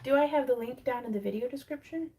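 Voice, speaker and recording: A woman's voice: high voice, quick pace, background noise. A woman, hosting a casual livestream sale from her home craft room, chatty and rambling, reading viewer comments and laughing often.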